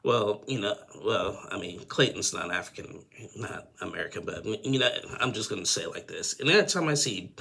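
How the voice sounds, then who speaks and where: A gravelly, low-pitched man talks through a reality show episode in a loose, rambling recap. He piles on fillers and restarts, and his voice has a bright, husky edge. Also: animated, a little fast. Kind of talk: casual episode recap commentary.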